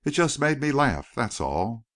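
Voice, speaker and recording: A man reading the part of a big, earnest, warm-hearted young rancher in an audiobook. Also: mid-range voice, big pitch swings, measured pace, dry recording, clean studio sound, voice pushed up.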